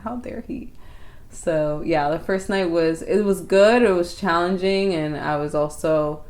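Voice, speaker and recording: A woman's voice: on the low side, a little slow. A woman co-hosting a podcast, telling a story in casual chat and acting out quotes. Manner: animated, acts out quotes. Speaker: podcast co-host.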